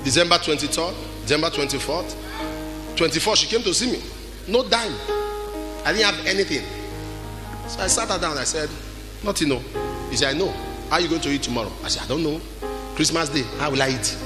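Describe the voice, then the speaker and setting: A man preaches with a high voice that leaps up and down in pitch. He shouts his warnings, then drops low to tell a story from his own life. Music plays clearly under his words. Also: lively intonation, brisk, long pauses. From Nigeria. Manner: exhorting, swings from shouting to quiet storytelling. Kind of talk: sermon. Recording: music behind the voice.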